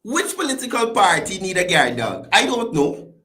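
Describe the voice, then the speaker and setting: Lively chatty male talk show host. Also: high voice, normal speed, echoey room. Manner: chatty, greets viewers by name, lively rising and falling delivery. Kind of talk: casual call-in style commentary show.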